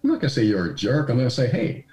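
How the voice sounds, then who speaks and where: A man's voice: medium pitch, wildly swooping pitch, racing, a little mellow. A man guest in an interview, telling personal stories candidly and with self-deprecation, acting out quoted dialogue as he goes. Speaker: podcast guest. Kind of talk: conversational storytelling. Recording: roomy echoey recording.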